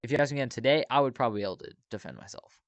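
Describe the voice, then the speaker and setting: Male podcast host, casual anecdote teller, mid pitch, dry close sound. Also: rapid-fire, no echo. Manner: laid-back storytelling with frequent fillers. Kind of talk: casual chat, telling anecdotes.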